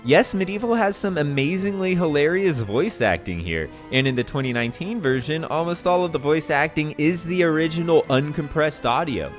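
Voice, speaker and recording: A man's voice: on the high side, expressive, moderate pace, few pauses, faint music behind. A young man narrating a video game retrospective in an enthusiastic, conversational way. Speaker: game reviewer.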